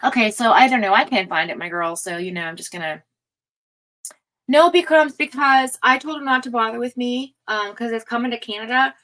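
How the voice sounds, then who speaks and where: A woman hosts a relaxed livestream and talks straight to her viewers, reading their comments out loud. Her voice sits a little high. She laughs easily and her chat rambles along in a friendly way. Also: fairly quick, low-quality recording. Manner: chatty, laughs often, reads chat aloud. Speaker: tarot livestream host.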